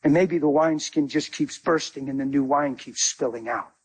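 A man preaching a sermon as a guest speaker, animated, telling stories with acted-out dialogue. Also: on the high side, moderate pace, breathy edge.

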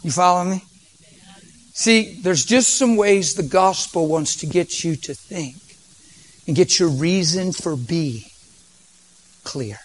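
A man preaching, telling a story with vocal sound effects and sometimes dropping to a soft near-whisper. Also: high voice, takes it slowly, long pauses. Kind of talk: storytelling sermon.

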